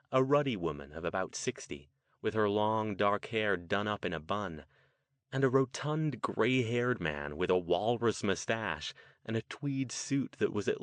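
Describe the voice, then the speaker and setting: Fields: Sex: man. Role: audiobook narrator. Style: scripted narration. Pitch: low. Room: dry. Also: no echo.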